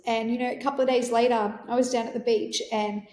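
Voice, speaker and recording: A woman's voice: on the high side, level tone, quick pace, a little mellow, echoey room. A woman, hosting a podcast and telling a personal story in an earnest, emotional, rambling way. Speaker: podcast host.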